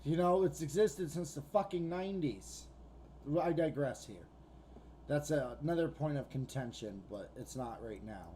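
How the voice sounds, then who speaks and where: A man's voice: fairly high pitch, normal speed, dark tone. A man co-hosting a podcast, telling a rambling, profane story in casual chat. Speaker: podcast co-host.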